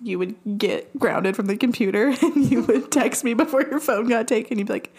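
A woman's voice: fairly high pitch, brisk, a little mellow. A young woman guest on a podcast, teasing her friend and laughing as she retells old stories. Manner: giggly, teasing, jumps in. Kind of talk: casual chat.

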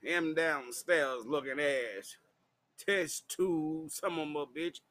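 Drunk man, raw storytelling, bright voice. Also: slow pace. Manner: loud, crude and laughing, swings into high shouting. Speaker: vlogger. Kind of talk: raw, profane personal storytelling.

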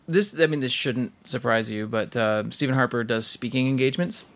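A man's voice: medium pitch, brisk, a bit bright. A man from Canada co-hosting a podcast in casual chat, rambling with fillers and laughing often. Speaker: podcast co-host.

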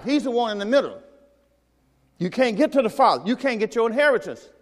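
A male pastor preaching a sermon at a church service, asking rhetorical questions and slowing down to quote scripture with emphasis. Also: high voice, big-room sound.

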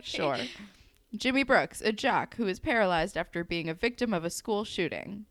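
A young woman co-hosts a podcast in a relaxed, chatty way. She reads out short lists and drops dry, wry comments, at a mid pitch. The recording is close and dry, with no room sound. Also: normal speed, no echo. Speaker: podcast co-host. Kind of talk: casual chat.

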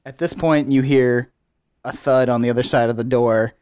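A man narrating a tabletop role-play game as game master, in unhurried narration that often breaks into laughter. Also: mid-range voice, steady tone, very noisy.

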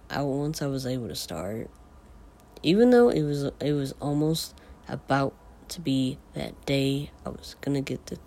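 A man talks slowly and haltingly in a casual, confessional podcast monologue. His voice is in the middle of changing and cracks now and then, and his speech keeps stalling on fillers and restarts. A faint hiss of noise sits under the recording. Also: medium pitch, a little mellow.

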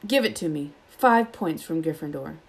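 A stern, sneering male schoolmaster from a storybook, curt and cold as he snaps his orders, as a woman reads him aloud. The voice sits fairly low and bites off each command. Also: expressive, moderate pace, vocal fry.

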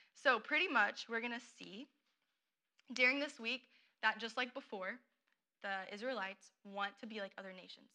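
A woman's voice: mid-range voice, sharp tone. A young woman giving a casual, playful talk on what she studied at Bible school, full of fillers and jokey asides. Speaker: Bible school student presenter.

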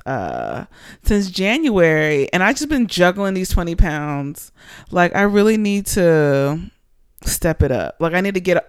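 With a lowish, clear, resonant voice, a podcast host from Panama in her late twenties chats in an easygoing, lively ramble peppered with fillers.

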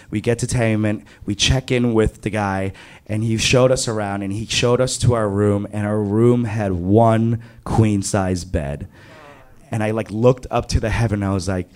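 A man in his thirties telling a candid, confessional true story on stage, animated in his retelling. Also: lowish voice, measured pace. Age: 30s. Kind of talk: live true-story monologue.

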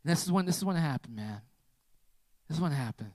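A man with a high voice preaches through a personal story, dropping to near-whispers and then surging loud. He keeps checking in with the crowd with "right?" The sound is dry and close. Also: animated, quick pace, no room sound. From United States. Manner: dramatic swings from hushed to loud, constant "right?" tags.

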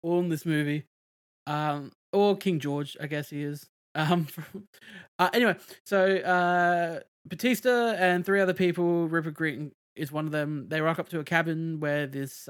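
A man's voice: on the high side, smooth. A man in casual chat, recapping a film plot in a rambling way full of fillers and restarts. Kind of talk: casual movie review chat.

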